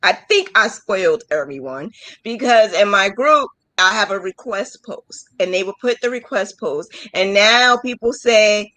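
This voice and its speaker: A woman with a mid-range voice mentors crochet business owners in a casual live chat, speaking at a moderate pace and telling emotional, animated stories with little acted-out quotes. The recording is low quality but has no echo.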